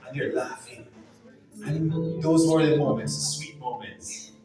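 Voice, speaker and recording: A man from Jamaica with a Jamaican accent, telling playful, emphatic stories in a lively speech to a live audience. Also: fairly high pitch, measured pace. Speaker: guest speaker at an anniversary event. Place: large event hall. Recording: echoey hall, far from the mic. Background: piano playing.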